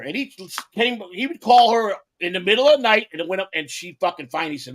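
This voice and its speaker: A man in casual podcast chat, loud, profane and quick to blow up in anger. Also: sits high, sing-song. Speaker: podcast guest.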